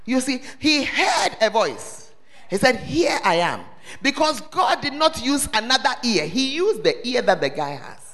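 A man preaches to his congregation in a sharp, very high voice that swoops up and down. He quizzes them directly and breaks into sudden shouts. His voice rings out with the long echo of a large hall. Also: sing-song, a little slow. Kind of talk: sermon. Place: church service hall.

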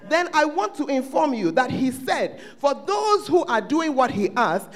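Animated high-voiced Ghanaian pastor preaching. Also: male voice, a little slow, few pauses. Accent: Ghanaian English. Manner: animated preaching, swings between shouting and hushed asides. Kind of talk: sermon. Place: church service.

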